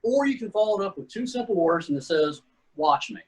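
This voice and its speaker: A retired Army sergeant first class, middle-aged and from Texas, tells war stories as a guest in a high, expressive, slightly rough voice, speaking fairly quickly. He's casual and easygoing, calling people "man" and "dude", and the recording is rough.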